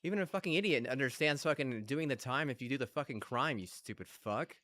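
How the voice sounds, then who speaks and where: A young man ranting angrily and profanely while playing a game, with shouted bursts. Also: mid-range voice, animated, fast talker. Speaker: gamer. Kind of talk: angry gaming rant.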